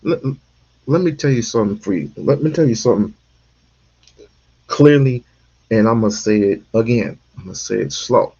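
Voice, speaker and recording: A man's voice: mid-range voice, normal speed, pauses often, warm tone, slightly rough, muffled recording. A man hosting a casual commentary stream, talking emphatically and repeating himself for stress. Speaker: stream host.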